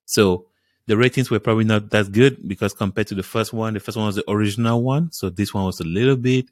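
A man's voice: lowish voice, fast talker, no echo, studio quality. A man with a French accent co-hosting a casual podcast, easygoing and upbeat. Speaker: podcast co-host.

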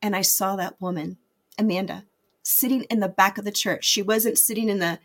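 A woman in her thirties, a faith vlogger, earnestly tells her viewers a personal faith story in a confiding, unpolished way, full of fillers and restarts. Her medium-pitched voice stays steady at a moderate pace.

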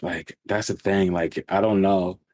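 A man in a casual anime chat, excitable and slangy, breaking into loud sound effects. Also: low-pitched, unhurried, slight background noise.

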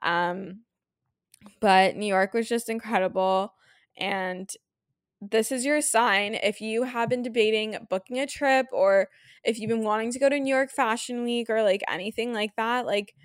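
A woman's voice: on the high side, unhurried, clear, resonant tone, no room sound, clean studio sound. A young woman in her twenties from Canada hosting a casual solo podcast, chatty and gushing, full of fillers and emotion. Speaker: podcast host.

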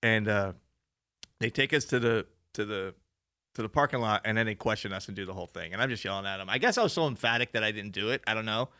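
With a lowish voice and a fast way of talking, a young adult podcast co-host relates a story in a casual conversation. He's lively, laughs frequently, and doesn't hold back on swearing.

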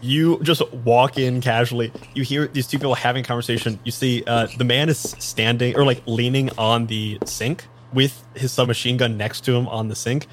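A man running a tabletop game as game master, narrating scenes in a relaxed way with occasional fillers. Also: medium pitch, moderate pace, hardly any pauses, slight background noise.

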